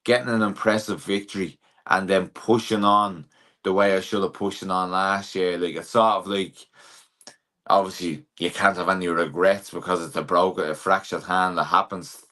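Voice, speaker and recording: A young Irish man with a very low, deep voice, a boxer answering interview questions. He talks in a relaxed, plain-spoken way, leaning on fillers like "like" and "sort of". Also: normal speed. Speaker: professional boxer. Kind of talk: casual interview.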